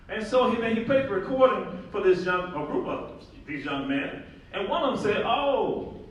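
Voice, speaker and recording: A man speaks to a conference audience with emphatic, animated delivery, stressing and repeating his key points. His voice sits a bit high. He is picked up from a distance, and a heavy echo from the large hall surrounds every word. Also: a little hiss or hum. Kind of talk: public lecture. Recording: very echoey hall, voice from far off.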